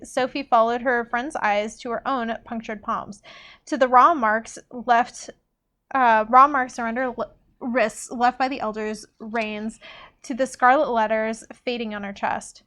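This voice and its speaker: Chatty young woman, high voice. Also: fairly even intonation, unhurried, fairly bright tone. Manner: chatty, laughs often, many fillers. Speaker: teacher and book reader. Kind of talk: casual chat and reading aloud.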